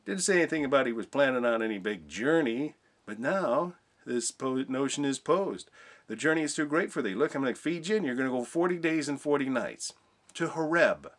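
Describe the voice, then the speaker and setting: A man's voice: mid-range voice, animated, a little fast. A man teaching informally on a Bible passage, reading scripture aloud and asking rhetorical questions.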